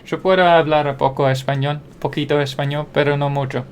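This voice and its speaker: A young British man chats casually while playing on a live game stream, rambling and self-deprecating, with lots of ums and restarts. His voice is a little high and steady in tone, he talks fast, and there's a little hiss or hum.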